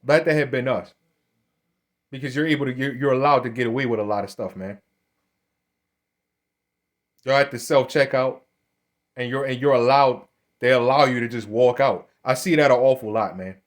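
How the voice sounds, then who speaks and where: A man talking straight at his viewers with blunt, confrontational commentary, at an ordinary middle pitch for a man. He stumbles over words and restarts sentences a lot. He keeps throwing "man" at the end of his lines. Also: moderate pace, long pauses. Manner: repeats words and restarts often; keeps addressing listeners as "man". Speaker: religious commentator. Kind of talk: casual commentary to camera.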